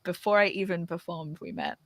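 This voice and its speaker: A young woman hosts a relaxed conversation, talking candidly and breaking into laughter often. Her voice is bright and ringing, with a lively swing in pitch, and it sounds close and dry with no room around it. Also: fairly quick, no echo. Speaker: podcast host. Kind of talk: casual chat.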